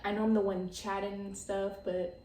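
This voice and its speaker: A young woman in her twenties hosting her own podcast, excitable and chatty, full of "like" and laughs. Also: mid-range voice, moderate pace, echoey room, recorded from a distance, slight background noise. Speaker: podcast host. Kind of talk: casual chat.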